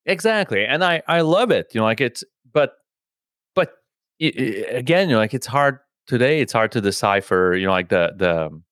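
A man's voice: fairly low pitch, fairly bright tone, dry recording. A man hosting a podcast in casual conversation, rambling with constant filler words and swearing freely. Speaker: podcast host.

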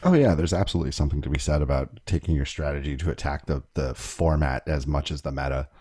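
A man co-hosting a card-game podcast, talking in a relaxed way with frequent ums and uhs. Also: very deep voice, fast, husky, no room sound, clean studio sound. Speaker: podcast co-host.

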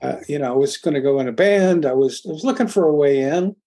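An older man from Philadelphia, a guest in an interview, telling his story in a rambling, halting way with many restarts. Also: on the high side, dark tone. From Philadelphia, USA. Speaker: guest, music producer.

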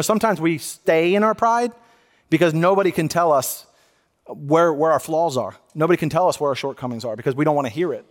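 A man's voice: a little high, in a large hall. A man who is a pastor, preaching a sermon in an earnest, conversational way and often restarting his sentences. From United States. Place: church sanctuary.

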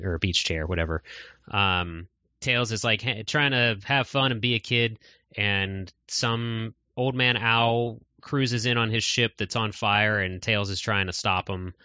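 A man hosts a podcast in loose, rambling casual chat that is full of fillers. His voice sits a little low with a bright, forceful edge. The recording is dry and close. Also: no echo. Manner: rambling, many fillers and laughs. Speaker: podcast host.

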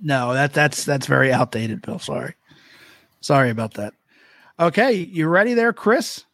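A man's voice: fairly high pitch, lively intonation, moderate pace, gravelly, a bit bright, dry recording. A man hosting a casual podcast quiz game, joking and self-deprecating. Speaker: quiz host.

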